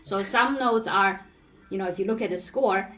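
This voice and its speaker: A woman's voice: medium pitch, moderate pace, a bit bright, roomy sound, a little hiss or hum. A woman piano teacher explaining patiently and checking in with "right?" after nearly every phrase. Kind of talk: live online piano lesson.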